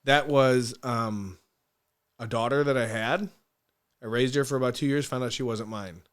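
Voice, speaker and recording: A man as a podcast guest, telling stories casually; animated, swearing freely, laughing often and restarting his sentences. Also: mid-range voice, normal speed, clear, resonant tone. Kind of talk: casual storytelling.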